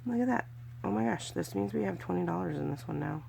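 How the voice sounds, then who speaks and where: A fast-talking woman with a lowish, gravelly, dark-toned voice sounds animated, over a little hiss or hum. She's a budgeting vlogger from California, chatting casually through cash challenges while counting money out loud and cheering a bit.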